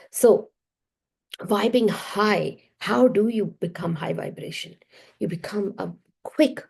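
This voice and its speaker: A woman's voice: on the low side, gravelly, mellow, slightly rough. A woman self-worth coach giving an emphatic, repetitive motivational masterclass talk.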